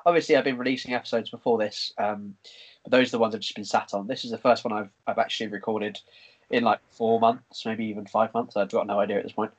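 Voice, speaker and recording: A young man hosting a podcast, chatty, excitable and quick. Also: on the low side, low-quality recording. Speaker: podcast host. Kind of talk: casual chat.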